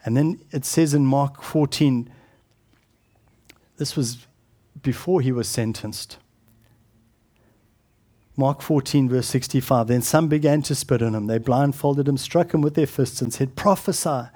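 A middle-aged man preaching a sermon as pastor, earnest and often dropping to a hushed, solemn tone, with halting restarts. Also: mid-range voice.

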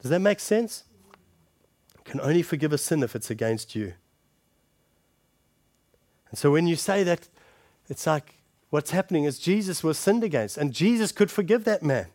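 A man preaching a sermon, calling his listeners friends and shifting between forceful punches and hushed scripture reading. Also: fairly high pitch, big pitch swings, normal speed, pauses often, no echo. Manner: emphatic, addresses the congregation directly as friends.

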